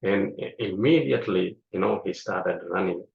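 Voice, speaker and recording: Guy teaching scripture, slow and gravelly, echoey room, dull sound. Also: deep voice. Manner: slow and explanatory, many fillers. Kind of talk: scripture class.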